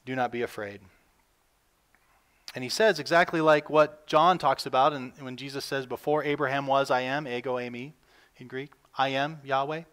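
Male pastor, mid-range voice, earnest sermon delivery that lifts in pitch and volume on scripture. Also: a bit bright, clean tone.

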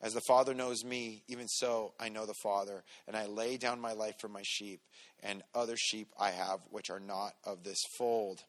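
A man, a pastor, giving a relaxed, conversational sermon with everyday stories. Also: lowish voice, normal speed. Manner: relaxed, storytelling, talks to the congregation directly.

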